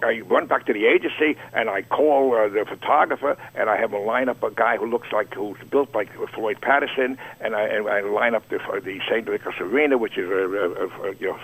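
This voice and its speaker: An older man telling an anecdote in an interview, acting out the quoted dialogue with lively voice shifts. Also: fairly low pitch, low-quality recording. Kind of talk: anecdotal storytelling.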